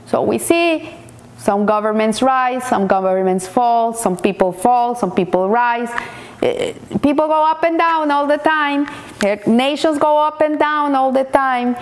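Halting woman giving a weekly Torah talk. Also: high voice. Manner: halting restarts, repeats words while searching. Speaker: Torah teacher.

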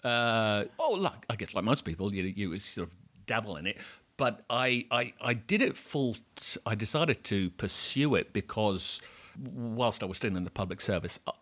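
A middle-aged man with an English accent, chatting casually as an interview guest, halting with many restarts and casual swearing. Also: fairly low pitch, expressive, a bit bright. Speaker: actor and guest.

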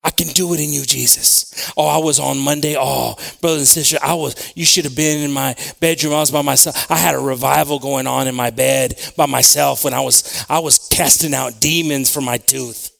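A man preaching a sermon to his congregation, moving between quiet prayer, personal stories told with acted asides, and loud, shouted preaching. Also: medium pitch, fairly even intonation, moderate pace, gravelly, few pauses. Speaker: pastor.

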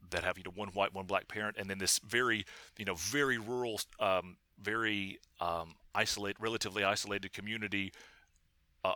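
Male linguist guest, very bright tone, halting delivery, dry close sound. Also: lowish voice, no room sound. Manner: halting, many restarts. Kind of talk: casual academic discussion.

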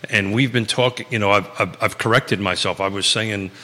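A man's voice: fairly low pitch, steady tone, brisk, bright, forceful tone, in a large hall. A man in his sixties with a Long Island New York accent, hosting a live real estate talk show in a loose, rambling way with many fillers and restarts.

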